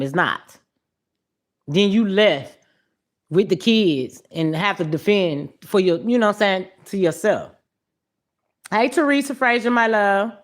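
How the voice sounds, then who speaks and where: A woman hosting a live stream, reacting to clips and chatting with viewers in a blunt, profane, animated way. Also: medium pitch. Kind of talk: casual live-stream commentary.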